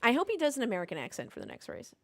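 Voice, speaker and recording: Woman podcast co-host, blunt and profane, very animated pitch. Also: very fast, creaky. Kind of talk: casual chat.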